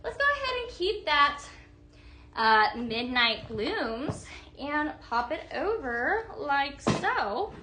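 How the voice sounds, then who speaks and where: Bubbly woman live-stream presenter, high bright voice, faint hiss behind. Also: very animated, takes it slowly. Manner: bubbly, gushing, chatty with viewers. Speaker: livestream home decor presenter. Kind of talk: live product demonstration.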